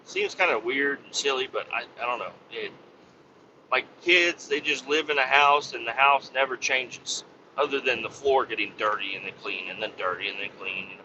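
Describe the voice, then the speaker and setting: A man's voice: mid-range voice, normal speed, creaky, lo-fi sound, background noise. A man rambling casually about family life, swearing freely and joking at his own expense, full of fillers. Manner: profane, rambling, self-mocking with many fillers. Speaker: podcast host and family man.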